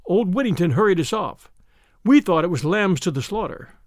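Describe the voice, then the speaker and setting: A man voicing a quick-witted, suspicious young woman with a sharp, questioning manner. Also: sits high, expressive, no room sound, clean studio sound. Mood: brisk.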